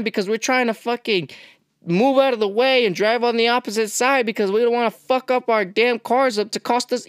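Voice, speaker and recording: A woman's voice: on the high side, clear, resonant tone, no room sound. Blunt, profane woman ranting, dry sound. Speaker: podcast host. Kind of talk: ranting monologue.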